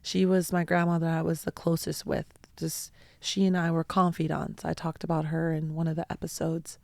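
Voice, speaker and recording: A woman hosts her own show and tells personal stories with earnest, heartfelt sincerity. Her voice sits a little low and carries a gravelly, fry-tinged texture. She speaks slowly and deliberately, and the sound is close and dry. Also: completely flat delivery, no echo. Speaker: podcast host. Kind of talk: personal storytelling talk.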